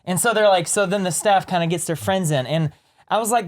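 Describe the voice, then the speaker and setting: A man co-hosting a podcast, telling stories in casual chat with lively, rambling delivery. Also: sits high, a little fast. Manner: rambling storyteller, animated. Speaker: podcast co-host.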